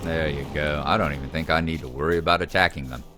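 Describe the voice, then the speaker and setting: A man's voice: a bass voice, steady tone, quick pace, sharp tone. A man chatting casually through his gameplay and teasing the characters on screen. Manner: chatty, talks to the game characters. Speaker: gameplay host.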